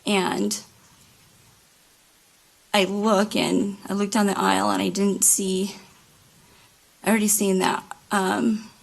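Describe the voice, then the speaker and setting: Slow gravelly-voiced woman testifying. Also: medium pitch, low-quality recording. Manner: halting, many fillers and restarts. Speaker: trial witness. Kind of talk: courtroom testimony. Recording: courtroom microphone.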